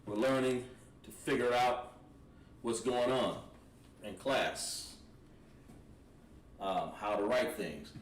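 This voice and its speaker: A man teaching a language class, thinking aloud and pausing while he writes on a board. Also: mid-range voice. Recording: echoey room, mic at a distance, faint noise.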